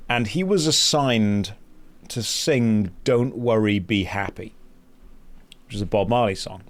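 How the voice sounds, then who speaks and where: A British man hosting a gaming stream, chatting casually and telling rambling anecdotes with wry humour. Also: mid-range voice. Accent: British English. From Britain. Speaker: streamer host. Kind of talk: casual chat while gaming.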